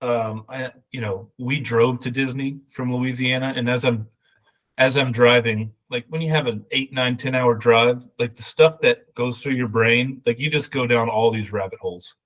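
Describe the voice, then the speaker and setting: A man co-hosting a podcast who talks in an excitable, impulsive, blunt way. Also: mid-range voice, normal speed, low-quality recording. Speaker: podcast co-host. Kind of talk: casual chat.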